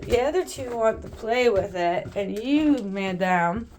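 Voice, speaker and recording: A woman's voice: mid-range voice, animated, a little slow, few pauses, a little mellow, a little hiss or hum. A woman at home chatting casually while filming her cats, laughing often and cooing at her pets. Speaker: pet vlogger. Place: at home, indoors.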